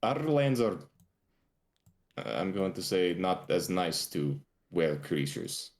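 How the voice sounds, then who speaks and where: Very deep-voiced man playing a tabletop game. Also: sing-song, slow. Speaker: player. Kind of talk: in-character tabletop play.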